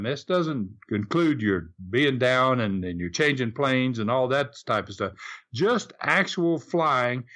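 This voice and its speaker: A man's voice: medium pitch, fairly bright tone. An older man with a Southern US accent, reminiscing in a casual interview as a retired wrestler, telling stories in a rambling way with frequent restarts. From Southern United States. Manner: rambling storyteller with repeated restarts.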